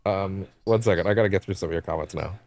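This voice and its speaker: A young adult man streaming games, chatting casually in a rambling, animated way, laughing often and swearing freely. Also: deep voice, fast. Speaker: game streamer. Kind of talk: casual chat while livestreaming.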